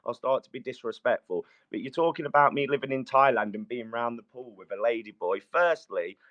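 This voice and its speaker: A middle-aged man with a British accent argues bluntly over a live call. His voice sits at an ordinary pitch. The audio is dull and lo-fi. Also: brisk. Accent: British English. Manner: blunt, combative, complains about interruptions. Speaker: debater. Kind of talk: heated live audio debate.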